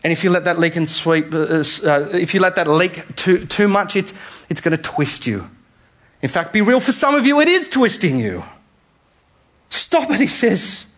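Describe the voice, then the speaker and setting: A pastor delivering a sermon in a conversational way that builds to emphatic, repeated appeals. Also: male voice, high voice, very animated, moderate pace, a bit bright. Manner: conversational preaching, rising to emphatic repetition.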